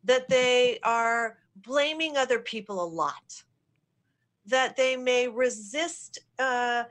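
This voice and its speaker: A woman's voice: fairly high pitch, a bit bright. A woman executive consultant answering questions in a business podcast interview, explaining in an affirming way. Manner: affirming, explanatory, quick repeated yeses.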